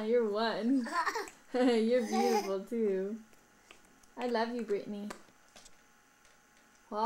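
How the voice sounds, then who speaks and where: A woman, a mother filming her toddler, talks in sing-song baby talk with squeaky coaxing calls. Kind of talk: home video baby talk.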